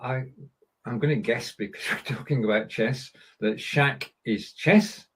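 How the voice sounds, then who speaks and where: A man with a husky, slightly breathy voice hosts a relaxed conversation. He talks in a chatty, easygoing way and stumbles a little over the German phrases he reads aloud. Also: mid-range voice, a little slow, low-quality recording. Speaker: podcast host. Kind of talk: casual chat, language lesson.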